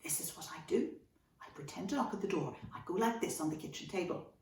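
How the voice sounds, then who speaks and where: An Irish woman tells a story to children with lively swings in her voice, which sits a little high. She sounds set back from the mic, in a room with a noticeable echo. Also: fast. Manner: animated, expressive storytelling. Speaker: children's author. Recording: echoey room, from a distance.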